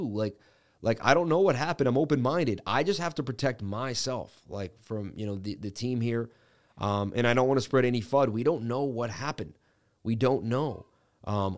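Guy hosting a crypto stream, lots of ums and restarts, middle-pitched voice, reads news out and comments on it. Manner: halting, many fillers and restarts; reads news items aloud with asides. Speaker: crypto livestream host. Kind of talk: casual livestream talk.

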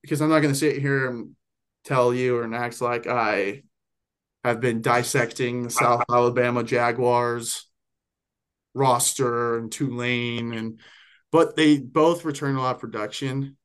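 A man's voice: mid-range voice, fairly even intonation, measured pace, fairly bright tone, clear, resonant tone. A young man co-hosting a podcast, chatting casually and rambling through football picks with plenty of self-corrections. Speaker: podcast co-host. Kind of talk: casual sports chat.

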